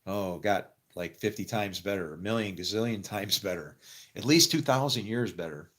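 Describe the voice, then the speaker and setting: A middle-aged man with a low voice tells a personal story in loose, rambling fashion. He laughs often, trails off and restarts, and acts out other people's lines in sudden higher voices. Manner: rambling, animated, quick to laugh and quote people. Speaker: actor telling his faith story. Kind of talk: casual storytelling.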